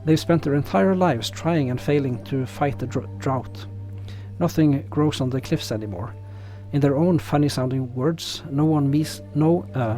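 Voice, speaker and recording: A man with a pronounced non-native English accent, narrating and commenting on a game in a relaxed, self-deprecating way. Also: fairly high pitch, a little slow, soft background music. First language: not English. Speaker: let's play host.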